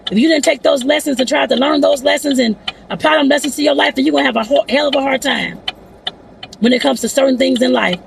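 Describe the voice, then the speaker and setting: A woman with a heavily gravelly, creaky voice talks straight to her viewers from inside a car. Her manner is blunt and outspoken, the casual advice of a life-lesson vlog, with faint traffic noise behind her. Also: high-pitched, fast talker. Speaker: vlogger giving life advice. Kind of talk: casual talking-head vlog.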